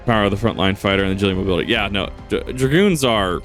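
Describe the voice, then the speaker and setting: A man's voice: fairly low pitch, racing, hardly any pauses, fairly bright tone, soft background music. A man casually commenting while playing a video game, rambling, joking, laughing often and swearing. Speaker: gaming channel host. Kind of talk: casual let's-play commentary.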